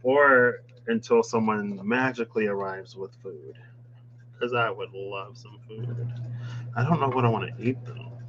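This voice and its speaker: A man's voice: on the low side, unhurried, lo-fi sound, background noise. A man reading tarot cards in a casual chat, musing aloud with playful asides. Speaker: tarot reader. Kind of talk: casual tarot deck walkthrough.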